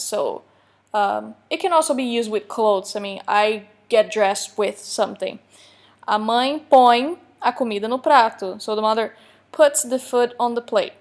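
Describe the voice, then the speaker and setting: A woman, a Portuguese teacher explaining grammar in a recorded online lecture, with joking asides and slowly read examples. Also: on the high side. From Brazil.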